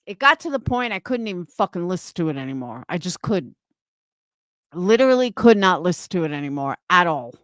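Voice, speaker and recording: A woman's voice: fairly low pitch, sing-song, a little fast, a bit bright, no echo, clean studio sound. A woman in her fifties ranting on a livestream, profane and scornful, mocking her critics. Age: 50s. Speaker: livestream host.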